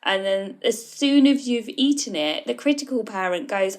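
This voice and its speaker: A woman's voice: mid-range voice, lively intonation, moderate pace, hardly any pauses. Woman explaining on her podcast. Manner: warm explanatory, conversational, addresses the listener. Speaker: podcast host, food coach. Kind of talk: solo podcast talk.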